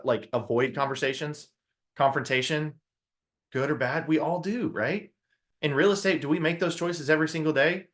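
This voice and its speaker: A man giving a motivational talk to an audience, telling a story with lively acted-out quotes and questions to the crowd. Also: a little high. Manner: animated storyteller, acts out his own quotes, asks the audience questions. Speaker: motivational speaker.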